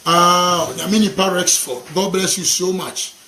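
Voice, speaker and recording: A man with a Ghanaian accent preaches in a high, ringing voice, fervent and repetitive. He leads call-and-response declarations and slips Twi phrases into his English. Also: fairly even intonation, measured pace, pushed and bright, a little hiss or hum. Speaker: gospel worship minister. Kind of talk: charismatic preaching and prophetic declaration.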